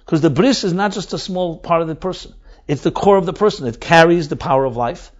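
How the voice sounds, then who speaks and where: A man's voice: fairly high pitch, brisk. A man teaching as a rabbi, explaining texts emphatically, repeating and rephrasing key words, with Hebrew terms mixed in. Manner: mixes in Hebrew and Aramaic terms. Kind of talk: explanatory Torah lecture. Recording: dull lo-fi recording.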